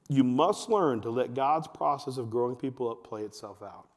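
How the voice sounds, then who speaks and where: A man giving a talk to fathers at church, telling family stories and acting out his kids in a high voice. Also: moderate pace, few pauses. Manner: animated storytelling, acts out his kids in a high voice. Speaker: men's ministry speaker. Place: church hall. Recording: long hall reverb.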